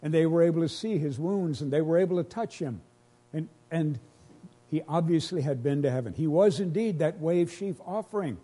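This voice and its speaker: A man's voice: a little high, normal speed, warm tone, husky. A pastor preaching a sermon to his congregation, earnest and emotional, repeating phrases as he builds each point.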